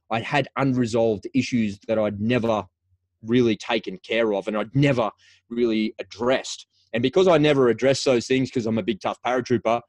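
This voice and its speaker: A man's voice: mid-range voice, no room sound. A middle-aged man and former paratrooper telling a personal story frankly as a podcast guest, often restarting his phrases. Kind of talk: candid storytelling in a podcast interview.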